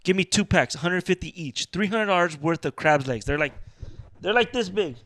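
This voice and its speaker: A man's voice: high voice, moderate pace, no echo. A man co-hosting a casual podcast, telling a story with animation and acting out the dialogue. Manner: animated, acts out dialogue in his stories. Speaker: podcast co-host.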